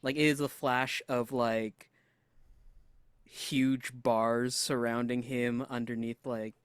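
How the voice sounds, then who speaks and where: A man's voice: mid-range voice, smooth, dry recording. A man playing in a tabletop game, describing his character's memory casually with fillers. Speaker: player.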